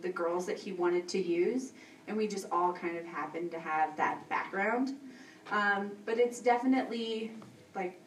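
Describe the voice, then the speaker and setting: A young Texan woman answers questions on a convention panel, breathless, a bit nervous, giggling and rambling with fillers. Her voice is medium-pitched and picked up from far off in an echoey room, with a little hiss or hum.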